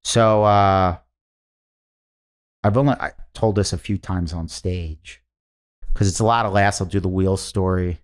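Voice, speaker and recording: Deep-voiced male comedian telling stories. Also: a little slow, long pauses, clean tone. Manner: rambling, animated storyteller, laughs mid-story. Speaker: stand-up comedian guest. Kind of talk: casual storytelling.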